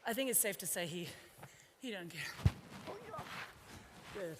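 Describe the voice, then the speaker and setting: A woman's voice: fairly low pitch, animated, unhurried, long reverb tail, heavy background noise. A woman horse trainer on a body mic, chatting to her colt and the crowd while riding, a bit out of breath. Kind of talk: live clinic demonstration while riding. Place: indoor arena at a horse expo. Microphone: wireless body mic.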